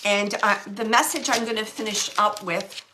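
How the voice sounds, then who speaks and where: Bright-voiced woman medium giving a reading. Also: mid-range voice, normal speed, slight background noise. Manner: animated, relays spirit messages in quoted speech; searching, self-correcting phrasing. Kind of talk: live psychic reading for an audience member.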